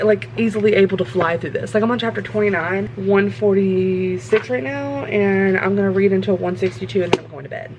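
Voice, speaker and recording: A young woman chats through her reading session in a rambling, excitable way, breaking off with swears and theories. Her voice sits at an ordinary middle pitch for a woman. The recording is noisy, with a steady hiss behind her. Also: fast talker. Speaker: book vlogger. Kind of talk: casual chat. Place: car, for the ending.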